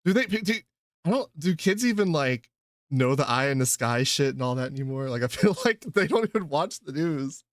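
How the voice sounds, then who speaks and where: A man's voice: a little high, lively intonation, normal speed, no room sound, clean studio sound. A man hosting a podcast in casual chat, laid-back and full of fillers, swearing now and then. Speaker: podcast host.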